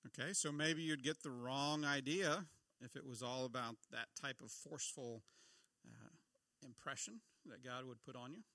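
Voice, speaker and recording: Gravelly middle-aged man preaching. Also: medium pitch, normal speed, pushed and bright, no room sound. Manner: conversational, asks the audience questions. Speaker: pastor. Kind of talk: sermon.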